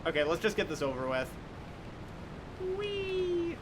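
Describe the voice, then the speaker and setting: A man's voice: high voice, huge pitch swings, a little slow, noisy background. A man giving casual, joking commentary while streaming a game, laughing often.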